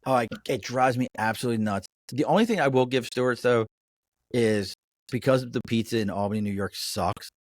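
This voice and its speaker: Here a middle-aged man with a Baltimore accent, a business owner from the Mid-Atlantic, guests on a podcast in easygoing conversation. He talks briskly at a medium pitch with no echo, swearing freely and telling his stories without softening anything.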